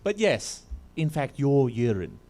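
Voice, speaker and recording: A man's voice: medium pitch, big pitch swings, a little slow, mellow, voice pushed down. A man in an improv comedy scene playing a prim guest who responds with indignation. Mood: indignant. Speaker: improv performer.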